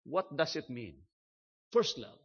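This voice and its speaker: Older pastor preaching slowly. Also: male voice, fairly high pitch, sing-song, slightly rough. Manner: emphatic, slow and measured, repeats key phrases for stress. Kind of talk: sermon. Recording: dull lo-fi sermon recording.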